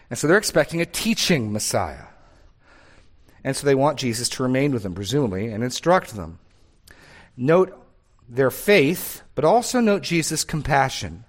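A man's voice: mid-range voice, big pitch swings, moderate pace. A man preaching an expository sermon, emphatic and fond of repeating key phrases and asking rhetorical questions. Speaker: pastor.

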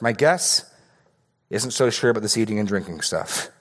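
A man's voice: on the low side, expressive, moderate pace, fairly bright tone. A man preaching an expository sermon as pastor, earnest and given to repeating words for emphasis.

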